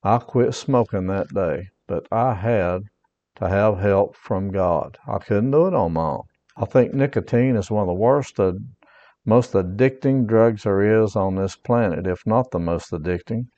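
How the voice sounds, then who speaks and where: An earnest male pastor preaches a personal testimony, his voice low and mellow. He stresses his points twice over and reads scripture passages aloud. The sound is dull and lo-fi, like a home podcast recording. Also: unhurried, long reverb tail.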